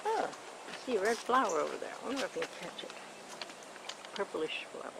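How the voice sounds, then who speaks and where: A woman's voice: mid-range voice, lively intonation, fairly quick, creaky. An older woman, a grandmother, chatting casually while filming a walk outdoors with a camcorder. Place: outdoors in the countryside. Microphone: handheld camcorder. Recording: noisy outdoor camcorder audio. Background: crickets and insects.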